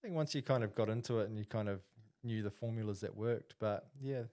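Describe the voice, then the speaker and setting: A man's voice: lowish voice, fast talker, dark tone. A man, co-hosting a casual podcast and telling a story with lots of fillers and restarts. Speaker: podcast co-host.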